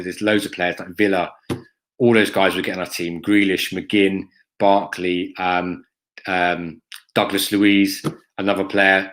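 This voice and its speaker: A man's voice: low-pitched, fairly bright tone, a little hiss or hum. A man hosting a fan live stream, answering chat in a blunt, sweary way full of ums and "mate". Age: adult, has a school-age son. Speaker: fan channel host reading live chat.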